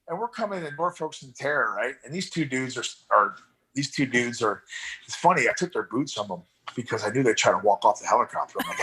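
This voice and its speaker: Talking quickly in a mid-range voice, this middle-aged man, a veteran rescue swimmer and paramedic, gives a casual interview full of rambling, animated anecdotes where he imitates the people involved.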